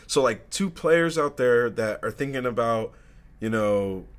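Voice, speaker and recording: A man's voice: mid-range voice, expressive, a little slow. A young man co-hosting a gaming podcast, chatting casually and telling stories with plenty of swearing. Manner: casual, profane, storytelling. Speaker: podcast co-host. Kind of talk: casual chat.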